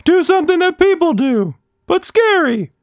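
A man voicing a wild magical blob monster who booms like a circus ringmaster. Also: very animated, moderate pace, no echo, studio quality. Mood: showy. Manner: theatrical, booming ringmaster.

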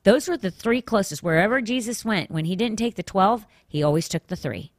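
A woman's voice: medium pitch, animated, a little fast, no echo, studio quality. A woman hosting a faith podcast, teaching a Bible passage in an earnest, conversational way with asides and restarts. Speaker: podcast host.

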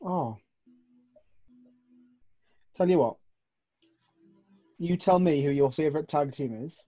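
A man's voice: on the high side, takes it slowly, mellow, highs cut off. A man playing his character in a tabletop game, asking friendly questions. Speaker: player. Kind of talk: in-character tabletop role-play.

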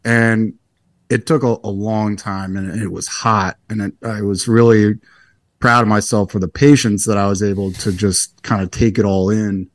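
A young man in his twenties, a golfer being interviewed, telling stories in a relaxed, rambling, self-deprecating way. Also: lowish voice, moderate pace, no room sound. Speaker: guest golfer. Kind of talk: casual interview storytelling.

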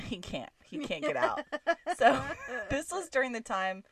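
Animated, laughing woman telling a story. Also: fairly high pitch, unhurried, husky, no room sound. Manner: animated, laughing often mid-sentence. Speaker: podcast co-host. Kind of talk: casual storytelling chat.

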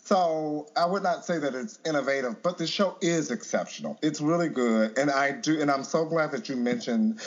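A man as podcast co-host, talking in an opinionated, emphatic, animated way in casual chat. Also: on the high side, moderate pace, few pauses, highs cut off.

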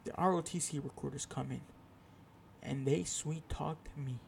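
A man's voice: a little high, steady tone, normal speed, creaky, a little hiss or hum. A young man hosting his own podcast, telling a rambling, profane, self-deprecating story in a casual solo chat. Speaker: podcast host.

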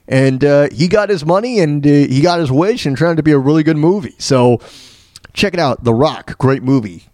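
Man, radio host, casual rambling monologue, many fillers, slightly high pitch, dry close sound. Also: fast, darkish tone, dry recording. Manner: laughs at his own retold jokes.

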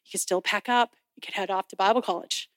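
A woman voicing a gentle, patient male God who softly urges in her retold dream. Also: medium pitch, fairly even intonation, fast talker, no room sound, voice pushed down, close to an everyday voice. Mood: gently urging.

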